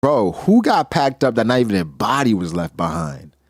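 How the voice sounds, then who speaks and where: A man's voice: medium pitch, wildly swooping pitch, moderate pace, breathy edge, no room sound, clean studio sound. A man hosting a casual manga reaction, talking animatedly in heavy street slang and laughing often.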